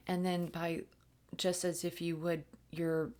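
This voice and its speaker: A woman giving a channeled spiritual reading, slipping between plain talk and a flowing chant of invented syllables, soft-spoken and often falling to a whisper, halting with many fillers. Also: on the low side, flat delivery.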